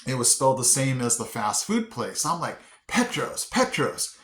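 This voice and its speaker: A man's voice: medium pitch, animated, a little fast. A man hosting a casual vlog, chatty and upbeat, often poking fun at himself. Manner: upbeat, chatty, self-deprecating. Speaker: vlog host. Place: indoor room. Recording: roomy echo.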